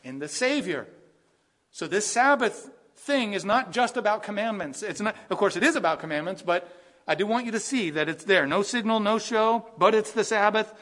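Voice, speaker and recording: A man preaching a sermon, animated and acting out the lines he quotes. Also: high voice, moderate pace. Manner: animated, acts out quoted voices, rising to bursts of emphasis. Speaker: pastor.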